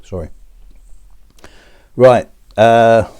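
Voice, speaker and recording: A man's voice: mid-range voice, extremely slow, dark tone, clear, resonant tone. A man hosting his own channel, talking casually to camera with a chatty, wry manner. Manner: chatty, wry joke-telling. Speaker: astrologer, channel host.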